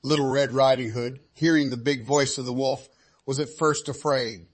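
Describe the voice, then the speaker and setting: Man, storyteller, fairy tale reading, measured cadence, middle pitch. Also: steady tone, husky. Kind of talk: fairy tale read-aloud narration.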